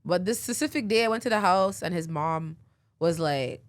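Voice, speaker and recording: A woman's voice: on the low side, lively intonation, moderate pace, dry recording. A young woman, hosting a podcast and telling a long story in a rambling, filler-heavy way with frequent laughs. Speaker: podcast host. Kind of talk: casual storytelling.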